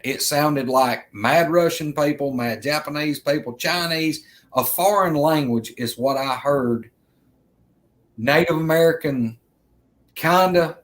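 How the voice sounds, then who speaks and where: Rambling storyteller man. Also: a little high. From Alabama, US. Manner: earnest, rambling, repeats himself, addresses viewers as guys. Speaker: vlogger telling an encounter. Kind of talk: casual storytelling.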